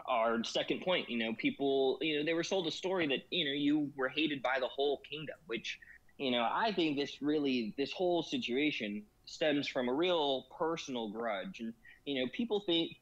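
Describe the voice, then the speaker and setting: A man's voice: mid-range voice, animated, normal speed, a bit bright. Guy rambling on with tons of you knows, audio a bit dull and lo-fi. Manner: rambling, constant "you know" fillers. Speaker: guest. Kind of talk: casual discussion.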